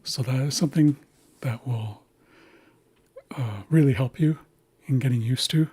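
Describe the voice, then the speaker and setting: A man teaching a language lesson, patiently walking through pronunciation and repeating example words slowly. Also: medium pitch, dark tone. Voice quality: very breathy, husky. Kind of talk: slow instructional walkthrough.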